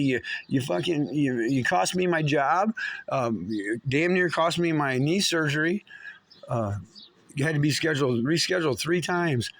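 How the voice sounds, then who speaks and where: A man's voice: a little high, animated, a bit bright. A man telling his own story in an angry, rambling monologue, swearing often and stumbling through many restarts. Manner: profane, agitated, halting with many restarts.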